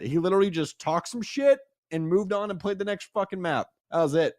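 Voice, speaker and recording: A man's voice: high-pitched, expressive, a little fast, few pauses, a little mellow, no room sound, studio quality. A man co-hosting a podcast, ranting emphatically with heavy swearing. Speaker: podcast co-host. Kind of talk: casual podcast chat.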